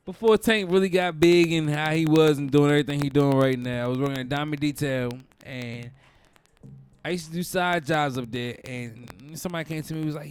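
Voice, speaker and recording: A young man from Baltimore with a Baltimore accent, hosting a casual podcast monologue in an animated, profane storytelling manner with loud outbursts. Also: mid-range voice, brisk, clear, resonant tone. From Baltimore, USA. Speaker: podcast host.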